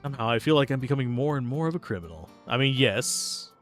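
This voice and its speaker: A man's voice: medium pitch, animated, quick pace, soft background music. A man casually commenting on a video game livestream, joking and reading the dialogue aloud in voices. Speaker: let's play streamer.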